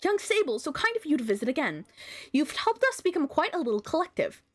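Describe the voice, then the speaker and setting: A woman reading out the lines of a gentle, gracious queen of small creatures in a game, soft and formal. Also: sits high, big pitch swings, fairly quick, faint music behind, pitched above the performer's own voice. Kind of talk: reading game dialogue aloud.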